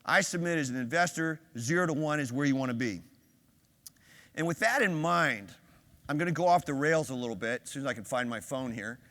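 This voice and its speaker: An older man giving a conference keynote, energetic and quizzing the crowd with quick questions, on a stage microphone in a large hall. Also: mid-range voice. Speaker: keynote speaker. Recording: hall reverb on a stage mic.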